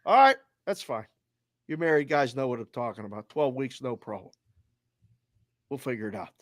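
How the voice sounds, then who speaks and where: A man with a Boston accent co-hosting a casual sports show, telling an animated story over a video call and acting out both sides of the conversation. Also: mid-range voice, normal speed, dry recording, studio quality. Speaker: co-host of a sports betting show. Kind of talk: casual chat.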